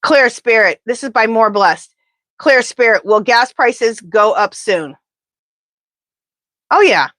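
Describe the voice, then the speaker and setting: Chatty, higher-pitched woman doing pendulum readings. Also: takes it slowly, pauses often, dry recording. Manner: animated, indignant, chatty. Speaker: tarot reader. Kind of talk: live pendulum reading and chat.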